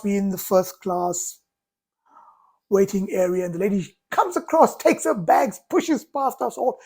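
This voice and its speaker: A woman giving a motivational talk, speaking in deliberate, emphatic, drawn-out phrases. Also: mid-range voice, darkish tone, slightly rough.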